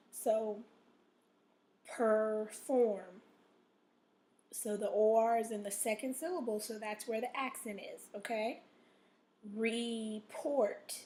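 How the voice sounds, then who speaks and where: A woman teacher giving a recorded reading lesson. Her voice is a little rough and she coughs now and then. She checks in with "okay?" after nearly every sentence and drags out the vocabulary words slowly. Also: a little high, darkish tone. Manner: slow, drawn-out stress on vocabulary words.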